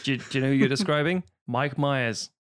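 A person chatting casually on a podcast, animated and profane, slipping into mock voices. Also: medium pitch, brisk. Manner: animated, swears a lot, slips into mock voices.

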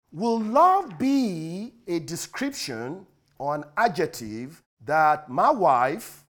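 A male preacher delivering a sermon, swinging from loud declarations to hushed asides. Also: high-pitched.

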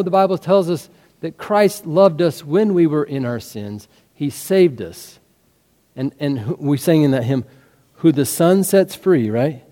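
A man's voice: on the high side, dark tone. A male pastor preaching a sermon, earnest and full of rhetorical questions. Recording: hall reverb.

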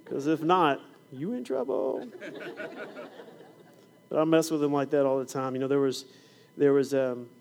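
With a mid-range voice at normal speed, he pauses often while recounting classroom stories in his sermon. The middle-aged preacher and fifth grade science teacher acts out the scenes with animation, and there's slight background noise.

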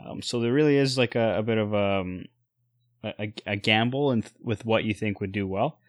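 A man co-hosting a casual chat about sneakers and streetwear, relaxed, with lots of fillers and restarts. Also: fairly low pitch, moderate pace, dry recording, clean studio sound. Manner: relaxed, many fillers and restarts, giving buying advice.

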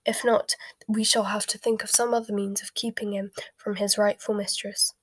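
A woman voicing a calm, polite elderly male wizard in a soft whispered role-play storybook reading. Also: mid-range voice, breathy edge, no echo, lightly acted. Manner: polite and unhurried.

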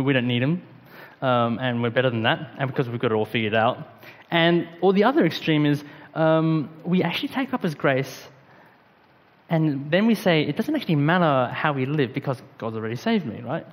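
Casual young-sounding preacher in a reverberant hall. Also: male voice, medium pitch, moderate pace. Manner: conversational, slangy, many fillers. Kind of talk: casual sermon.

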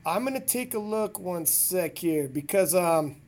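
Host who gets excited, chatty and full of quick restarts. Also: mid-range voice. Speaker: podcast host. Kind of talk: casual interview talk.

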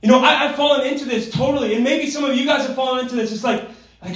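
A man preaches a sermon in a casual, energetic way, tossing in quick checks with his listeners. His voice sits high. He is heard from across a hall with heavy echo. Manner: energetic, conversational, tag questions. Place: church gathering hall. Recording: echoey hall from far off.

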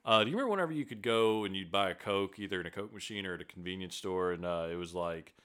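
A man telling funny stories in relaxed, casual conversation. He keeps his voice lively and bright, rising and falling a lot, and keeps laughing as he goes. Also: low voice, fast. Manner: animated storyteller, laughs through his stories. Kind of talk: casual chat.

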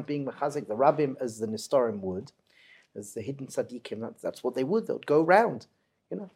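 Man guest, animated storyteller, wide pitch swings. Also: breathy edge. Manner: animated, swings from hushed to loud.

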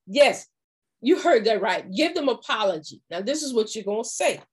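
A woman giving a faith-based motivational talk as a confidence coach, acting out little dialogues in an animated way. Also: a little high, moderate pace, husky.

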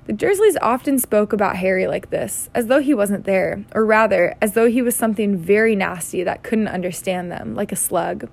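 A woman's voice: medium pitch, moderate pace, gravelly, few pauses. A woman reading a children's novel aloud in a casual way, with slips and self-corrections. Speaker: reader.

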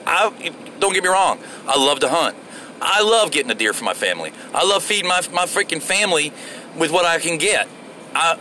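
Man from Florida, rambling profane driver rant, lively pitch swings, bright tone. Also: a little hiss or hum. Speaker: vlogger. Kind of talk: casual rant while driving. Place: inside a moving vehicle.

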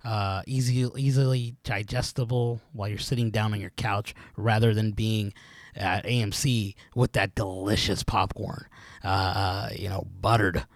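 A man's voice: lowish voice, fairly even intonation, normal speed, no echo. Rambling, laughing man podcast co-host. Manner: rambling, laughs often, trails off and restarts. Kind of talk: casual chat.

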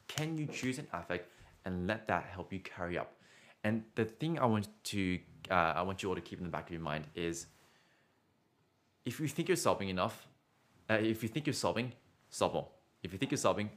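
A man's voice: low voice, a bit bright. A man giving a casual singing lesson as a vocal coach, chatty and encouraging, often ending points with "right?" and restarting words.

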